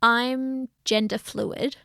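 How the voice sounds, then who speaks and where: A woman co-hosting a casual podcast chat, talking in an earnest, animated way. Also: fairly high pitch, very slow, gravelly, no room sound, studio quality. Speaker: podcast co-host.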